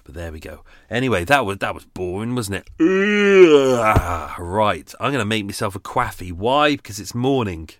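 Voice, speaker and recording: A man's voice: on the low side, expressive, brisk, few pauses, fairly bright tone, no room sound. A man with a London accent chatting casually on his boat while making coffee, rambling and swearing with self-mocking asides. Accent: London English. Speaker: vlogger living on a boat.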